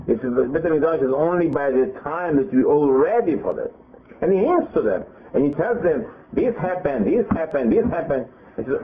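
A man giving a lively Torah class, retelling scripture as quoted dialogue with frequent restarts. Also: on the high side. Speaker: Torah teacher. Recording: tinny phone-like audio.

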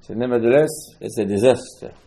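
Animated man teaching a Torah class. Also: medium pitch, fairly quick, vocal fry. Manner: animated, acts out quoted speakers with sudden loud outbursts and dropped asides.

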